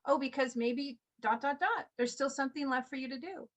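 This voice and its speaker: A woman's voice: high-pitched, brisk, a bit bright. A woman leading a group video call as a motivational coach, enthusiastic and encouraging, full of rhetorical questions.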